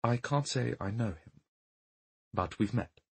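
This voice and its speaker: A man voicing a courteous male mourner who speaks in a careful, measured, formal way. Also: mid-range voice, animated, creaky, breathy edge, exaggerated voice. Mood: guarded.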